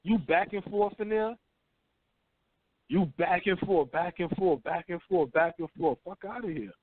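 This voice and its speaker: A man hosting a talk radio show, telling stories in rough, profane street slang. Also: high-pitched, unhurried, slight background noise. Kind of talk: casual talk radio chat. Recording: dry phone-line call-in audio.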